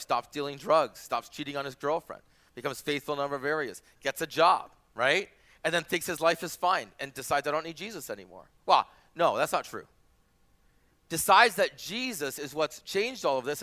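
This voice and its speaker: A man's voice: on the high side, lively intonation, moderate pace, pushed and bright. A man in his forties, a pastor, preaching a sermon in a conversational way, with asides and quoted dialogue. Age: 40s.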